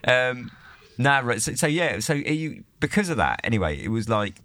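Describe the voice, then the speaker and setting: A man's voice: mid-range voice, very animated, normal speed, bright, forceful tone, dry recording, studio quality. A man co-hosting a casual podcast, rambling, swearing and laughing a lot. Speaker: podcast co-host. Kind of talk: casual chat.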